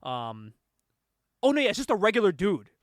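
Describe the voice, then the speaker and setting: A man hosting a casual podcast chat, retelling a movie in an animated way, acting out the characters' lines and laughing often. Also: high voice, moderate pace, dry recording, studio quality. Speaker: podcast host.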